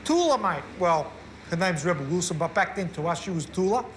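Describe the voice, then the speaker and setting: A man's voice: fairly high pitch, fairly quick, fairly bright tone, slight background noise. A man, casually introducing clips from his film and bragging a little. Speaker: host presenting clips. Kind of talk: casual chat.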